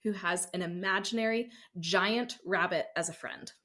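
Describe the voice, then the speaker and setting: A woman's voice: fairly low pitch, normal speed, pushed and bright. A woman from Arizona co-hosting a film podcast, chatting casually and with enthusiasm. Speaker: podcast co-host. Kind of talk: casual chat.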